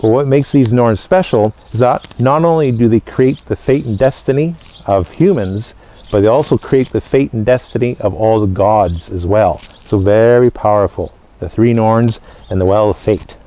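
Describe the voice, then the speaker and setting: A man with a fairly low voice gives a casual educational talk as a living history presenter. He explains things step by step, in short phrases with pauses between them. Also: dark tone.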